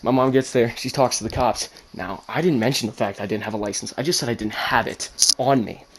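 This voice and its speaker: A man casually telling a personal story, animated, swearing freely and acting out the people in it. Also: mid-range voice, brisk, slight background noise. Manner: animated, swears, acts out quotes.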